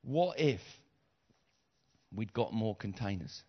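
A middle-aged man preaching a sermon, retelling a story with acted voices, repeated phrases and rising shouts. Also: fairly low pitch, animated, slow, slightly rough. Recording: slightly dull lo-fi sound.

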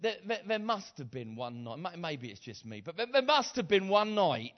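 Man, middle-aged, preacher, animated sermon storytelling, repeats phrases, dull lo-fi sound. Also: high-pitched, normal speed. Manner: animated storyteller acting out voices, repeats phrases, builds to shouts.

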